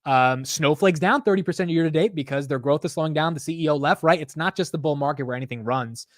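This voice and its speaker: Dude hosting a live stocks stream, kinda high voice, super hyped, swears a lot, dry close sound. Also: male voice, fast talker, no room sound. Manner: excitable, profane, talks straight to chat. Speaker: stock market livestream host. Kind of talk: casual live market commentary.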